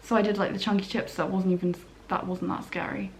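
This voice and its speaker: A woman's voice: mid-range voice, level tone, fast, a little hiss or hum. A young woman chatting casually at home, rambling with lots of "like" and acting out her own thoughts. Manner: rambling, full of "like" and quoted inner voices. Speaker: vlogger. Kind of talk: casual chat. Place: dining room table at home.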